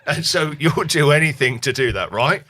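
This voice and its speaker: A man's voice: a little high, moderate pace, no echo, clean studio sound. A man in his forties, a guest talking openly and reflectively in an interview, acting out little voices as he tells stories. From England. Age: 40s. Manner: reflective, animated storyteller who acts out voices. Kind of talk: candid interview conversation.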